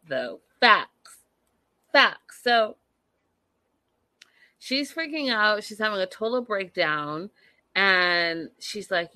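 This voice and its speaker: Bright, sassy woman chatting to viewers. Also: mid-range voice, no room sound. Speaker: reality TV recap host. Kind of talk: casual chat recapping an episode.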